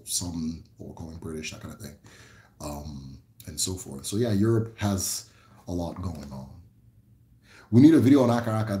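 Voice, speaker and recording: A man from the American Midwest hosting a casual livestream, answering viewer questions in a relaxed, rambling way with many fillers and restarts. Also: deep voice, echoey room.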